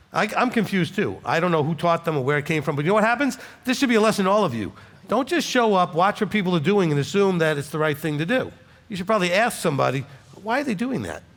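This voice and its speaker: A man's voice: sits high, fairly bright tone, in a large hall. A man with a Southern US accent, a rabbi from Alabama answering congregants' questions conversationally and often adding "okay?" for emphasis. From Alabama, USA. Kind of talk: congregational Q&A teaching. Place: congregation hall.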